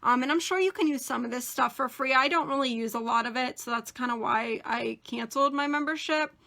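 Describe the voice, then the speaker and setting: A young woman hosting a casual crafting tutorial, chatty and rambling with many fillers, and a bit hoarse as she is losing her voice. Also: high-pitched, a little fast, bright, forceful tone. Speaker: crafting channel host.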